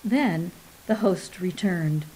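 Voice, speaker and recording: Slow, measured woman narrating a novel. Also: on the low side, a little mellow, slight background noise, rough recording. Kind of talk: audiobook narration.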